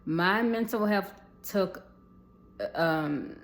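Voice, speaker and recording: A woman's voice: mid-range voice, very slow. A young adult woman telling a personal story to viewers in a casual storytime vlog, chatty, calling them y'all and swearing freely.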